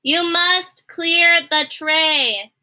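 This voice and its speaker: A woman reading a storybook aloud, voicing a loud, bossy kitchen cook who shouts gruff orders. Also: extremely high pitch, drawn-out words, voice pushed up, heavily acted. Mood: shouting.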